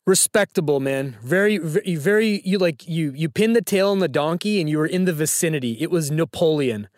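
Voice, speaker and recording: A man's voice: a little high, lively intonation, fairly quick, no echo, clean studio sound. A man hosting a phone-in trivia quiz, teasing and joking with callers. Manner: playful, teasing. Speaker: trivia show host.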